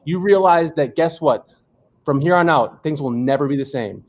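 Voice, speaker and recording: A man's voice: a little high, normal speed. A young man on a video call delivering a hyped, preachy motivational pep talk full of slogans. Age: young adult. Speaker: co-founder giving a motivational talk.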